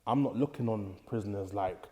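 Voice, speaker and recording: A man's voice: lowish voice, fairly quick, dark tone. A young man with a Bristol accent, telling stories in a casual chat in street slang and acting out the people he quotes. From England. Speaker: podcast guest, prison officer.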